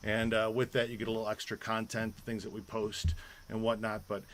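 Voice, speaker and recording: A man's voice: lowish voice, completely flat delivery, a little fast, fairly bright tone, slight background noise. A man hosting a live online show, chatting casually and rambling with many fillers and restarts. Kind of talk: casual live-stream chat.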